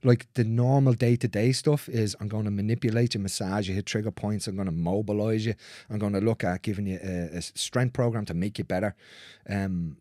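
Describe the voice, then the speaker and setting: In a steady, warm, fairly low voice and at a fairly quick clip, a man who works as a manual therapist tells casual stories about his clients. He doesn't hold back on bluntness or swearing while acting out their words, and the studio audio is clean with no echo.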